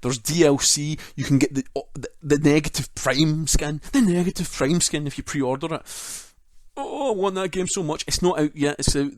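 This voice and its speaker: A man's voice: on the high side, normal speed, no room sound, studio quality. A man co-hosting a casual gaming podcast, enthusiastic and joking, swearing freely. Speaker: podcast co-host.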